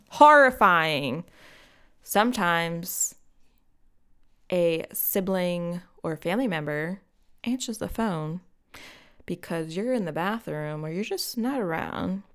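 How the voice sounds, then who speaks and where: Slow, smooth-voiced woman podcast host. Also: medium pitch, fairly bright tone. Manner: chatty, addresses listeners directly, laughs often. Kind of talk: casual solo podcast monologue.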